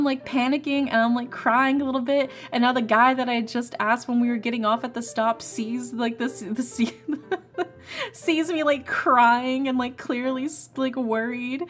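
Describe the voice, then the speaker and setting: A young woman streamer chatting casually, telling a rambling, animated story with frequent restarts and laughs. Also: sits high. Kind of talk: casual storytelling while playing a game.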